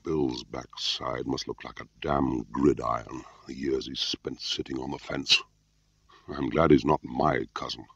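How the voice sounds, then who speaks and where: Guy doing a gruff old spy boss, low and gravelly, hushed slow sneer, dull lo-fi audio. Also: fairly even intonation, no echo, exaggerated voice. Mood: scornful. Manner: dry, muttered contempt.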